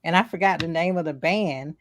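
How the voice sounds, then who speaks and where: A woman's voice: fairly low pitch, brisk, slight background noise. A woman co-hosting a casual film chat, telling stories with lots of laughter and quoted voices. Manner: laughing, animated storytelling with acted-out quotes. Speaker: podcast co-host.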